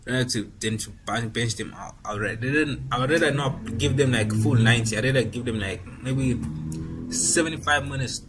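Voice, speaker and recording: A man's voice: medium pitch, normal speed, over loud music, rough recording. A man giving casual, rambling commentary while playing a football management game. He often repeats and restarts phrases as he thinks aloud.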